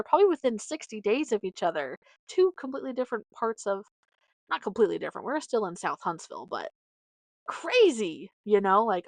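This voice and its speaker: A young woman from Nebraska hosting a podcast, telling rambling stories in a chatty, casual way with lots of fillers and animated quoted voices. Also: fairly high pitch, a little fast, no room sound. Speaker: podcast host. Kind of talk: casual storytelling monologue.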